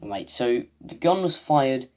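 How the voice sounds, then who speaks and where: A man's voice: mid-range voice, animated, slow pace, darkish tone, a little hiss or hum. A man hosting a video, giving a rambling, casual recap of a TV episode full of "um" and "like". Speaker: video host.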